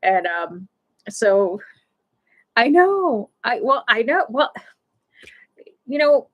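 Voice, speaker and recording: A woman hosting a live stream, telling a casual story in a rambling, animated way full of fillers. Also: fairly high pitch, drawn-out words. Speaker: livestream host.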